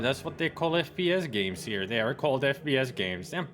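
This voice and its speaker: A man commentates casually as he plays a video game, his voice in a middle register. He rambles and drifts into deadpan, mock-serious jokes. Game music plays clearly behind him. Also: mid-range voice, brisk. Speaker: let's play gamer.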